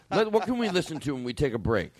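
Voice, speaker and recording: A man's voice: on the high side, very animated, brisk. A man hosting a comedy podcast, bantering casually, laughing and slipping into comic voices. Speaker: podcast host.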